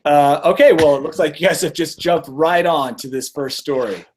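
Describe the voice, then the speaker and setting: Guy cracking jokes on a comedy podcast, kinda high voice, laughs a lot. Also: moderate pace, a little mellow, slightly rough. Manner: joking, laughs at his own bits. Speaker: podcast co-host presenting stories. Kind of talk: casual comedic chat.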